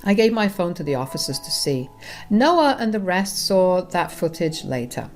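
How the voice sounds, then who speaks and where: A woman's voice: lowish voice, sing-song, moderate pace, soft background music. A woman narrating a first-person family drama, talking directly to her listeners in a conversational way. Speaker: storyteller.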